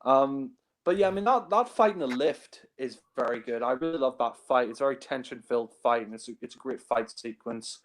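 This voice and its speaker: A man's voice: mid-range voice, a little fast, few pauses. A man talking casually about films, rambling with many fillers and frequent chuckles. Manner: rambling, heavy on fillers, laughs often. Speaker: film reviewer. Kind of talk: casual film discussion.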